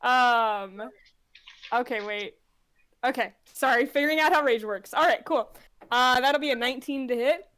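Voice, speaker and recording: A woman plays a tabletop game, describing her character's moves with flustered apologies. Her voice sits high and sounds close and dry. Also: moderate pace, fairly bright tone, no room sound. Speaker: player. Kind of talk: casual tabletop game play.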